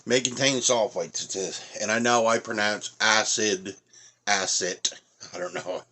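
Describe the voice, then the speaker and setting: A man's voice: lowish voice, normal speed, pushed and bright, slight background noise. A middle-aged man from Nova Scotia with an Atlantic Canadian accent, chatting casually through a food tasting review with lots of fillers. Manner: rambling, many fillers, talks while eating.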